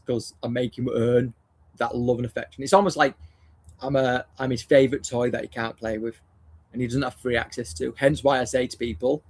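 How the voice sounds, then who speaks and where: A man with a gravelly, husky voice talks shop as a dog trainer in a laid-back live session. His speech is blunt and sweary, full of restarts and repeated phrases, at a middling pitch. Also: darkish tone. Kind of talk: casual live discussion.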